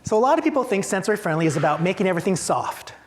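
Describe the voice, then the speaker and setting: A man's voice: high-pitched, sing-song, racing, slight background noise. A man leading a training for theater staff, talking emphatically with rhetorical questions and acted-out reactions. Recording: long hall reverb.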